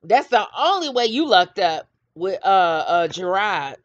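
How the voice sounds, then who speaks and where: This middle-aged woman hosts a commentary channel, dishing out casual gossip with blunt trash talk and frequent laughter. Her medium-pitched voice is very animated and a little slow, with no echo. The recording sounds dull, lo-fi and dry.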